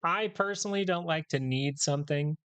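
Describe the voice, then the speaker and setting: A man's voice: on the high side, a little fast, a bit bright, smooth. A man hosting a live stock market stream, rambling through casual commentary, correcting himself and joking with his chat.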